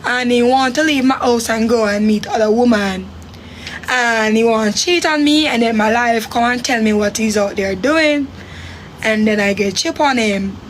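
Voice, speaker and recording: Jamaican woman, high voice, animated casual storyteller, faint noise behind. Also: normal speed. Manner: animated, acts out her own quotes with sharp pitch jumps.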